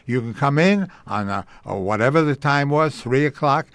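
An older man with a gravelly voice tells long stories in an interview. He acts out the people he quotes, and his voice rises and falls with the telling. The recording is close and dry. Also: mid-range voice, moderate pace, dry recording. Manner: animated storyteller acting out quoted voices. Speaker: interviewee recalling a radio career. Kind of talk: storytelling interview.

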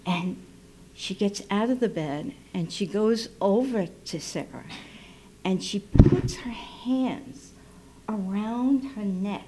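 A woman who works as a midwife, telling a personal story live in an unhurried, intimate way and dropping to a soft hush when she quotes herself. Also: medium pitch. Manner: unhurried, intimate, drops to soft near-whispers when quoting. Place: radio station studio. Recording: live radio broadcast, faint noise.

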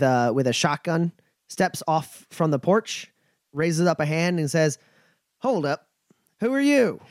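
A man's voice: medium pitch, a little mellow, dry recording, clean studio sound. A man narrating as game master in a tabletop game, describing scenes at length with frequent hesitations and restarts.

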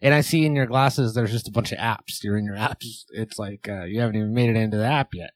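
A man's voice: fairly low pitch, fast, dry recording. Joking New Zealand man, dry close sound. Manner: joking, playful banter. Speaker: podcast co-host. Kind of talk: casual chat.

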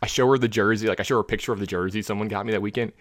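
Fast-talking man rambling through a story. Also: fairly low pitch, dry recording, clean studio sound. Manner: rambling, heavy filler words, animated retelling. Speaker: podcast co-host telling a story. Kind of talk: casual chat, storytelling.

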